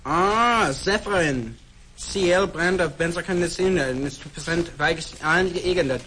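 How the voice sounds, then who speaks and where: A man's voice: fairly high pitch, measured pace, pushed and bright, a little hiss or hum. A man playing a bossy German customs officer with a put-on German accent in a comedy sketch, interrogating travelers. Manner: bossy, interrogating, breaks into laughter. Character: pompous stern male German customs officer.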